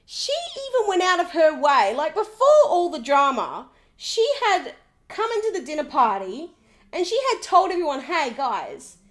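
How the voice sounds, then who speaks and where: A woman recapping a reality TV episode in an animated, sarcastic, gossipy way, often mimicking the people she talks about. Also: high voice, moderate pace.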